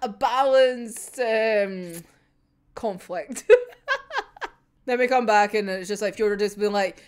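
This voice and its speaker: A woman's voice: mid-range voice, takes it slowly, smooth. A young woman giving a casual, giggly and sweary reaction to a manga chapter. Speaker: manga reviewer.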